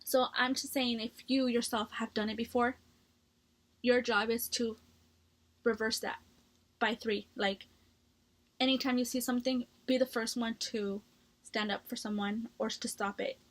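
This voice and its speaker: A young woman vlogging a candid personal story, blunt and quick to swear, restarting her sentences as she goes. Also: fairly high pitch, fairly even intonation. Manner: heated when retelling the story. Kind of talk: casual storytelling to camera.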